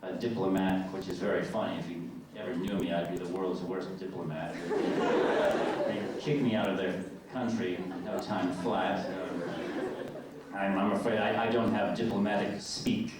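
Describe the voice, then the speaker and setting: A middle-aged man from the United States, an actor telling stories on stage as a convention guest, lively and self-mocking. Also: deep voice, normal speed, a crowd in the background, noisy background. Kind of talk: on-stage storytelling. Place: large convention hall. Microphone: distant camcorder in audience. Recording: echoey hall from far off, faint ambience.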